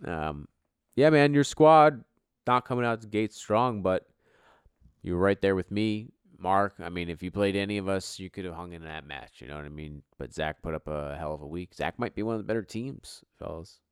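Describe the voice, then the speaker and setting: A man hosting a casual fantasy football podcast, joking and swearing, often trailing off quietly. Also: low-pitched, normal speed, clear, resonant tone, dry recording, clean studio sound. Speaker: podcast host. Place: home basement.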